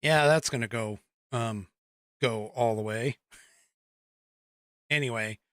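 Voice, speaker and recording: A man's voice: mid-range voice, slow pace, a bit bright, dry recording. A man hosting a political podcast, rambling through news in casual live-stream talk, reading the chat aloud and chuckling often.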